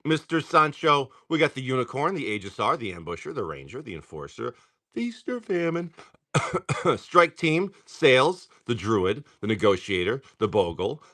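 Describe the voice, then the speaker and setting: A man hosting a live card-break stream, just woken up and clearing his throat, chatting in a rambling way while rattling off card names. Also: medium pitch, pushed and bright. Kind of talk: casual livestream chatter.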